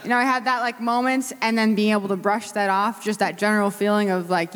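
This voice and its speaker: A chatty woman guest tells a self-deprecating story on a panel. Her voice sits at a middle pitch. Long hall reverb rings around her. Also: steady tone, fairly quick, hardly any pauses, a bit bright, clean tone. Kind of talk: casual panel anecdote.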